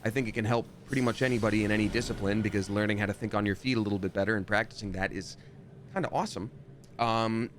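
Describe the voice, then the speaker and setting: A man streaming a game live, chatting and reading out chat, breaking into loud surprised outbursts. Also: on the low side, steady tone, fast talker, slight background noise.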